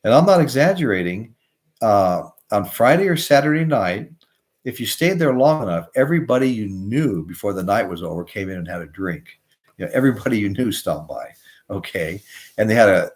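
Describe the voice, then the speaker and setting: An older man hosting a live show, chatting casually, telling rambling stories and reading out viewer comments. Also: lowish voice. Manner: rambling storyteller, drifts off topic. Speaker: host of a live music show.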